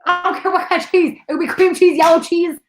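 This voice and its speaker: A woman chatting casually on a livestream, bubbly and excitable, talking straight to viewers. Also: extremely high pitch, fast. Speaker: co-host. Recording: echoey room.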